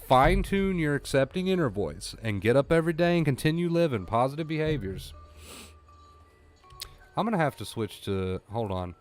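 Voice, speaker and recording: A man coaching viewers through anxiety recovery on a live stream, blunt and repeating himself for emphasis. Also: medium pitch. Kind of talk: live-stream talk to chat.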